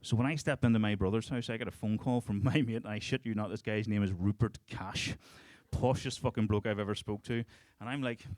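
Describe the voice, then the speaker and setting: With a heavy Northern Irish accent, a stand-up comedian in his thirties tells crude stories at a club, laughing as he lands each punchline. His voice is on the low side, steady and a little mellow, moving slightly fast with few pauses and no echo.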